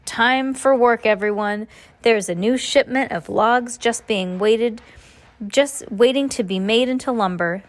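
A woman reading aloud and voicing a rude, bullying male mill foreman who talks in a loud, slow, muffled bark. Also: a little high, close to an everyday voice.

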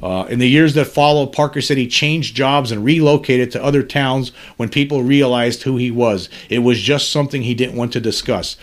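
Somber podcast host reading the news. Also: male voice, mid-range voice, fairly even intonation, moderate pace, hardly any pauses. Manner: earnest, somber commentary between read passages. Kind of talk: reading news articles aloud with personal commentary.

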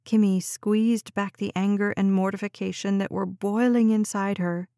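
A woman reading a novel aloud as an audiobook narrator, in calm and measured scripted narration. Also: medium pitch, no room sound, clean studio sound.

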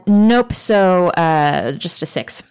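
A woman's voice: on the low side, lively intonation, very slow, darkish tone, smooth. A woman playing a tabletop role-playing game, asking tentative questions in casual talk. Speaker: player.

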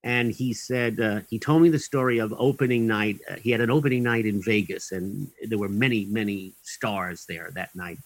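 A man's voice: lowish voice, normal speed, few pauses, dry recording, low-quality recording. Wry, chatty man telling stories. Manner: chatty, wry, with many fillers and restarts; dry comic timing, chuckling at his own punchlines. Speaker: actor guest. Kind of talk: anecdotal storytelling in an interview.

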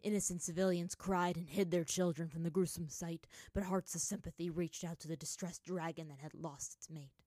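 A woman's voice: on the low side, steady tone, fairly quick, hardly any pauses, dark tone, no room sound, studio quality. A woman reading fan fiction aloud as narrator, with dramatic storytelling.

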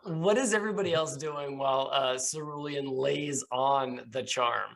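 Man game master, casual unhurried narration with fillers, middle-pitched. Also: gravelly. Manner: relaxed, hesitant with fillers, laughs often.

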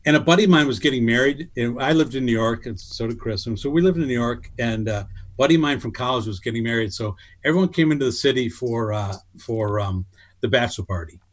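A middle-aged man telling a lively story in casual chat, acting out what people said in a higher voice. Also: fast. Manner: animated, acts out quotes in a higher voice. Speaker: guest storyteller. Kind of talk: casual anecdote on a podcast.

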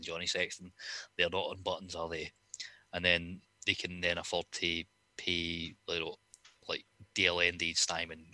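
Male co-host, very low pitch, sharp bright tone, joking banter. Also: no room sound. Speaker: podcast co-host. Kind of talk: casual chat.

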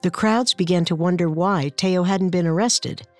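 Female true-crime co-narrator, lower voice, dry studio sound. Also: normal speed, dry recording, faint music behind.

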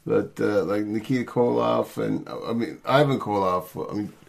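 A man's voice: lowish voice, moderate pace, creaky. A man in a casual talk show who hesitates, stammers and reacts with short exclamations. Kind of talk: casual chat about wrestling.

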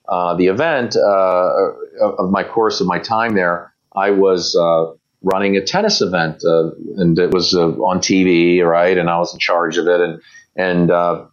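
A man's voice: low voice, lo-fi sound. A man being interviewed, telling long anecdotes in a casual, rambling way, with many fillers and restarts and quoted voices of other people. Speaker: guest.

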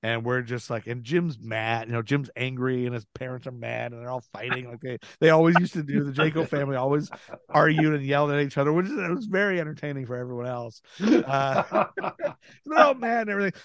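A man's voice: mid-range voice, brisk, no room sound. A man as a podcast guest, telling a story with lots of laughter and swearing, acting out what people said. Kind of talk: casual storytelling.

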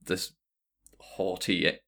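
A man's voice: extremely slow, bright, forceful tone. A man in casual podcast chat about video games, rambling with many fillers and restarts.

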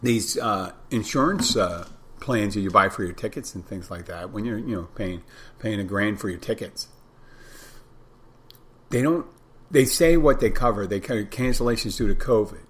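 Fairly low in pitch, slightly rough and a bit bright, this middle-aged man's voice moves at a normal speed. He is a bartender hosting a casual solo podcast from his Florida Keys home, wandering through topics and frequently fixing his own words.

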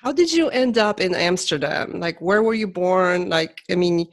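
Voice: medium pitch, lively intonation, moderate pace. A podcast host asking rambling questions in friendly, casual chat, laughing often.

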